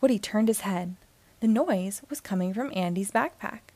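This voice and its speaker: A woman reading a children's picture book aloud in a gentle, measured storytelling manner, close to the mic. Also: medium pitch, no echo.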